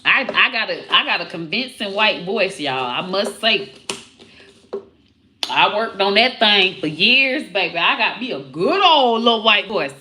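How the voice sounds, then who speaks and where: A woman vlogging casually to her viewers, animated and breaking into high baby talk with her dog. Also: measured pace, roomy sound. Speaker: comedian vlogger talking about her puppy.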